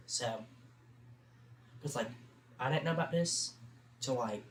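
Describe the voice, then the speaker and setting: A man's voice: mid-range voice, normal speed, long pauses, a bit bright. A teenage boy hosting a livestream, telling a long story in a loose, chatty way full of fillers. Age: teens. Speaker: livestream host. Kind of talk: casual rambling storytelling. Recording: roomy sound with faint background hum.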